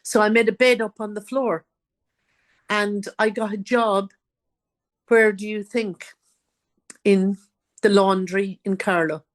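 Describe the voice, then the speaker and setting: A woman's voice: mid-range voice, slow pace, long pauses. Irish woman telling her life story. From Ireland. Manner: lively storyteller, acting out others' words. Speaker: guest author. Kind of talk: personal storytelling in an interview.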